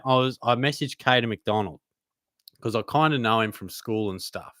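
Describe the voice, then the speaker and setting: A man's voice: medium pitch, normal speed, a bit bright, no echo, clean studio sound. A young man in his twenties with an Australian accent, hosting a live Q&A and reading out chat questions in casual, laid-back banter. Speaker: host.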